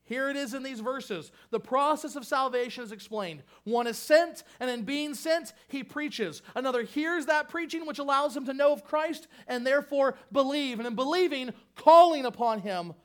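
A male pastor with a strikingly high voice delivers his sermon. He is emphatic and insistent, repeating key phrases for force. His delivery swings between raised fervor and hushed, earnest lows. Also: moderate pace, few pauses.

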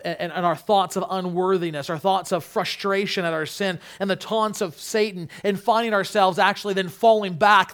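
A man with a high voice delivers a sermon. He talks earnestly, often repeating the first word of a phrase, and his delivery swings between soft, low phrases and loud, high climaxes. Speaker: pastor.

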